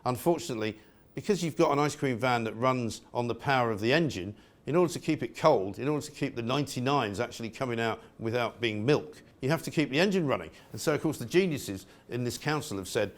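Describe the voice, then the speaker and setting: A man's voice: mid-range voice, animated, fast. A middle-aged male presenter from England giving an outspoken, sarcastic opinion monologue.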